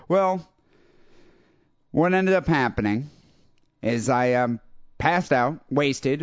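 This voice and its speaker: A young adult man hosting a podcast, telling a rambling story in a casual, animated way and acting out other people's lines. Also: a little high, no room sound. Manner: animated, quotes people in raised voices. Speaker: podcast host. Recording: dull lo-fi dry podcast audio.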